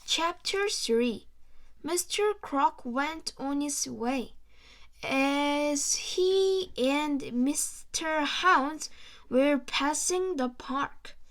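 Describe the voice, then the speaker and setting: A woman reading a children's storybook aloud, slowly and carefully, with small stumbles. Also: high-pitched, a bit bright. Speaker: reader.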